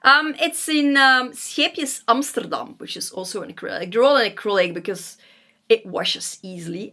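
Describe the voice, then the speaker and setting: At home, a woman who vlogs about knitting chats casually into a vlogging camera, rambling with fillers and self-corrections and giggling now and then. Her voice is fairly high and sharp, with lively intonation and a moderate pace.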